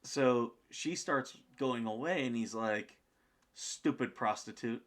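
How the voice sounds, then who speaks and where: A man, a podcast guest, telling a story in a casual, animated way, acting out the people in it, with plenty of fillers. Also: medium pitch, takes it slowly. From United States.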